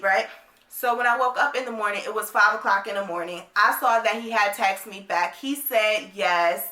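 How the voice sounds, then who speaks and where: A young woman tells a story straight to camera in a loose, chatty way, peppering it with "like" and "right?" as she reads out text messages. Her voice is bright and forward, and the room around her rings with a noticeable echo. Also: medium pitch. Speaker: vlogger. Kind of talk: casual storytime vlog. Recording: echoey room.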